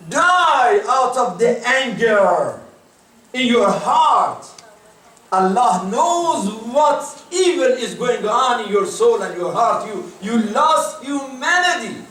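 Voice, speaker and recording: Male imam, high voice, slow deliberate emphatic sermon, roomy echoing mosque hall, distant mic. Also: lively intonation, a bit bright, slight background noise. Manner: impassioned, emphatic preaching with rising exclamations.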